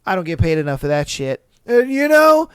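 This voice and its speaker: A man hosting a podcast who reads listener stories aloud and reacts to them in an animated, profane way, acting out bits in voices. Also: high voice, a little fast, clean tone, no echo, studio quality. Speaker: podcast host.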